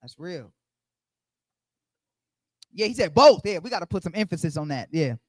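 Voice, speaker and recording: A man's voice: high voice, big pitch swings, normal speed, no room sound. A man leading a Bible study, preaching conversationally and emphatically, repeating his key phrases as he speaks straight to the group.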